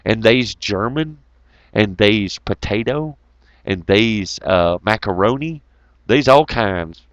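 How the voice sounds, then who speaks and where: A man's voice: on the low side, expressive, takes it slowly, dry recording, muffled recording. A middle-aged man hosting an online talk show, ranting heatedly with lots of swearing and mocking asides. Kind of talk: profane ranting monologue.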